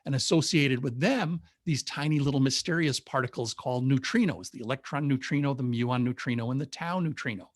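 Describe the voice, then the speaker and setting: A man's voice: medium pitch, fairly quick, hardly any pauses, no echo, studio quality. A man presenting an informal public science talk on a video call, explaining things methodically with enthusiasm. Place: home or office on a webinar. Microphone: video call mic.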